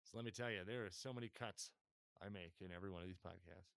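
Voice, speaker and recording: A man's voice: deep voice, quick pace, gravelly, fairly bright tone, dry recording, studio quality. A man hosting a podcast in loose, profane, laughing casual chat. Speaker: podcast host.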